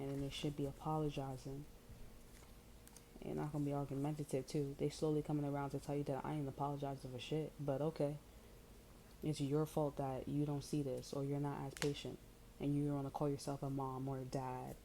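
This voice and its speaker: Low, dark-voiced woman reading tarot. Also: slight background noise, poor audio. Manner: blunt, profane, chatty with many fillers. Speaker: tarot reader.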